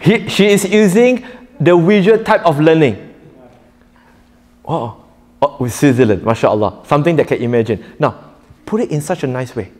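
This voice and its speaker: Male preacher-teacher, slightly high pitch, playful and interactive, live hall sound. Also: lively intonation, normal speed, long pauses, darkish tone. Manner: jokey, quizzes the audience, laughs often. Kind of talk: interactive lecture.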